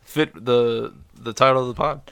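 Man, podcast co-host, casual film chat, agreeable short replies, bright tense tone, dry recording. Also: mid-range voice, fairly even intonation, normal speed, creaky, smooth, no echo. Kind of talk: casual movie review chat.

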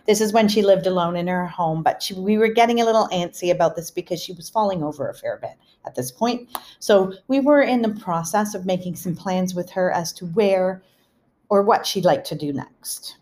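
A middle-aged woman with a slightly low voice tells family stories in a relaxed, chatty podcast manner. She laughs now and then as the stories roll along. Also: moderate pace. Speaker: podcast host. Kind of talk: casual storytelling.

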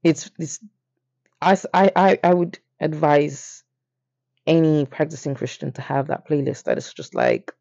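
A young man, casually telling a story on his podcast, animated and playful, jumping up in pitch for emphasis. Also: a little slow, vocal fry, dry recording. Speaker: podcast host. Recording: dry, slightly dull lo-fi.

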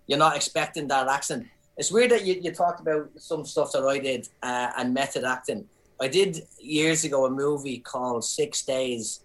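A man's voice: medium pitch, low-quality recording. An Irish man of middle age talks in a casual podcast chat, voice in a medium range. He tells his stories with animation, building up energy as he goes. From Ireland. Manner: storytelling, animated. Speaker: podcast guest, comedian.

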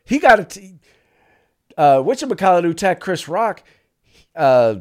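Animated man joking on a podcast. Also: high-pitched, moderate pace. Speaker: podcast co-host. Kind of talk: casual chat.

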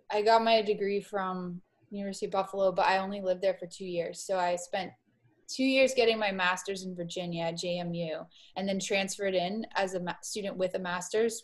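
A woman in her forties from Miami, a guest psychologist explaining her field in a measured, clear conversational way. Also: medium pitch. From Miami, Florida.

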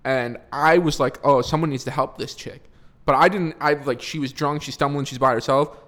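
A man's voice: a little high, steady tone, normal speed, a bit bright. Laid-back man swearing casually. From Wisconsin. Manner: laid-back, swears freely, short reactions. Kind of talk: casual podcast chat.

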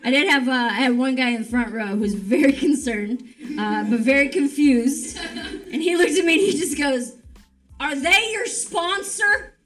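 A woman's voice: high-pitched, normal speed, recorded from a distance, over music. A woman comedian doing a stand-up set with punchy, sardonic delivery.

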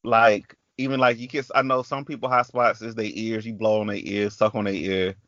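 A man's voice: lowish voice, flat delivery, moderate pace, fairly bright tone, no room sound, muffled recording. A man with a Southern US country accent hosting a podcast, telling a story in casual chat. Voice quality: chatty, storytelling with quoted voices. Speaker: podcast host.

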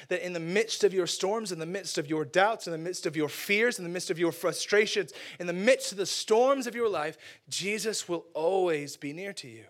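High-voiced man preaching casually. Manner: conversational, joking, says "like" often. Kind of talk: casual, humorous sermon.

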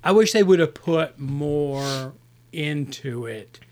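A man's voice: on the high side, animated, takes it slowly, a little mellow. A man co-hosting a casual movie review podcast, telling rambling, self-interrupting stories and stating firm opinions.

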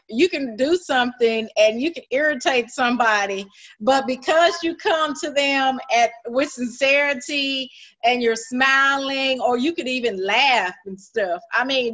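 A woman's voice: on the high side, fairly bright tone, highs cut off. A woman hosting a casual interview, speaking hesitantly with many fillers as she searches for words.

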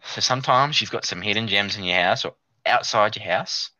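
Young Australian man, bright, sharp voice, dry close sound, rambling casual anecdote. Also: lowish voice, a little fast, no echo. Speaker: podcast co-host. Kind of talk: casual storytelling chat. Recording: dull lo-fi sound.

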